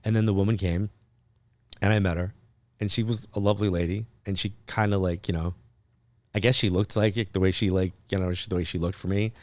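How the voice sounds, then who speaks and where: A man with a fairly low voice tells a personal story as a podcast guest, chatty and loose, sprinkling in fillers. He acts out bits of remembered dialogue with lively energy. The sound is dry and close, with no room echo. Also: brisk. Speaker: podcast guest, psychic medium. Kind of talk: casual storytelling interview.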